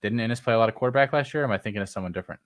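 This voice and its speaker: A man with a very deep, low voice chats casually about football. He is blunt and emphatic in his opinions and throws in casual swearing. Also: rapid-fire. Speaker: podcast co-host. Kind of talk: casual sports chat.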